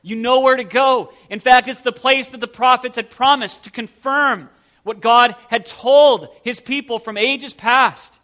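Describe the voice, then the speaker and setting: A man's voice: extremely high pitch, fairly even intonation, a little slow, pushed and bright. A man preaching a sermon as pastor, stressing single words and asking the listeners rhetorical questions.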